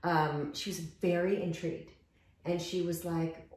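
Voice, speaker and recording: A woman hosting a casual chat while out walking, telling stories in an animated way and acting out the voices of the people in them. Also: fairly low pitch, normal speed, reverberant. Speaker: host. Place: outdoors walking.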